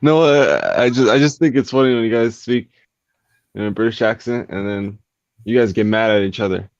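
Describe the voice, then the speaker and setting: A man's voice: fairly low pitch, expressive, moderate pace, no echo, lo-fi sound. A young man with an American accent, chatting casually with friends and laughing at his own jokes. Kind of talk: casual banter among friends.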